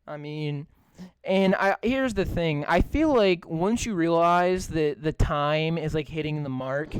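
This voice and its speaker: A man's voice: a little high, measured pace, smooth, no echo, rough recording. A young man co-hosting a podcast, ranting in casual chat with lots of swearing and fillers. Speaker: podcast co-host.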